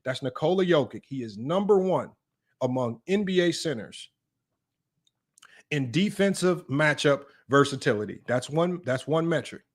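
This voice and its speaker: A man's voice: on the high side, expressive, normal speed. A man hosting a sports debate show, reading statistics aloud and taunting his critics in a combative, mocking way. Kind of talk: reading stats and ranting to viewers.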